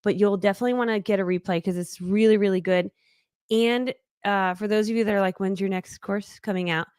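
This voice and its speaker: A woman's voice: mid-range voice, steady tone, a little fast, darkish tone, clean tone, no room sound, studio quality. A woman in her thirties from New England, leading a live online training as a business coach, talking in a bubbly, chatty way with playful acted quotes. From New England, United States.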